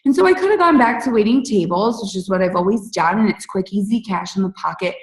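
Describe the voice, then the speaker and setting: A woman's voice: mid-range voice, expressive, fast talker. A woman in her late thirties telling her personal story to her team in a candid, chatty way, with plenty of "like" and "you guys". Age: 30s. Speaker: fitness coach speaking on a team call. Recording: roomy, distant from the mic.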